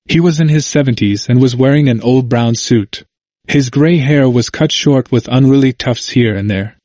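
A man narrating a first-person memoir in a measured, earnest audiobook reading, recorded on a close studio mic. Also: medium pitch, a little mellow, no room sound.

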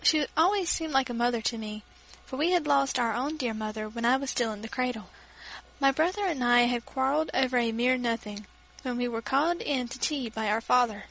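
A woman reading an old-fashioned children's story aloud, in a measured, gentle way. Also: fairly high pitch, creaky, low-quality recording. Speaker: reader.

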